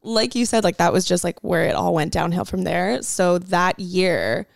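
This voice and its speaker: Young woman, podcast guest, chatty storyteller, gravelly fry, dry close sound. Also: on the low side, lively intonation, moderate pace, no echo. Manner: chatty storyteller, many "like" fillers. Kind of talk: casual podcast conversation.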